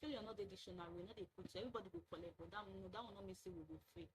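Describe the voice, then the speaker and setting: A woman's voice: medium pitch, very fast, slight background noise, rough recording. A young woman, a medical student telling her story and giving earnest, encouraging advice in a chatty vlog.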